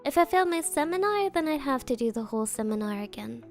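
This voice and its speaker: A woman streamer with a high, playful voice reads out donations and chats casually with her viewers. She sounds a little sniffly, as if she has just been crying, and she sprinkles Japanese words into her talk. Soft music plays faintly behind her. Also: lively intonation, fast talker. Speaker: VTuber streamer. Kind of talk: casual livestream chat, reading donations.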